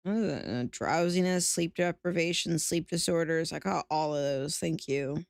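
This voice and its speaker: A woman's voice: low voice, a little slow, vocal fry, dry recording, clean studio sound. A sleepy woman streaming from home, chatting casually, swearing freely and laughing often. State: sleepy, yawning. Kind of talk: casual chat.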